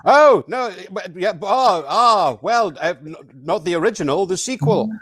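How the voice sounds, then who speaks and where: A man plays an improv guessing game, flustered and stammering as he denies each guess. His voice is a bit high, and the sound is dry and close. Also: lively intonation, a little slow, a bit bright, breathy edge, dry recording. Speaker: improv performer.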